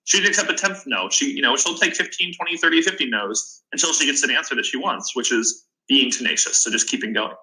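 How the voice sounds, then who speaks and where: Young guy on a podcast, super bright tense voice, earnest advice, keeps restarting sentences. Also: mid-range voice, animated, fast, hardly any pauses, poor audio. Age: 20s. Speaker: podcast guest, startup founder. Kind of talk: casual interview talk.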